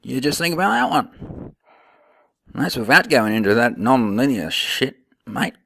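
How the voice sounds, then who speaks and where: A man's voice: mid-range voice, sing-song, a little slow, vocal fry, fairly bright tone, no echo, clean studio sound, exaggerated voice. A man voicing a blunt Australian bloke pundit who rambles and says "mate" constantly. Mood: emphatic. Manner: peppers everything with "mate", rambling.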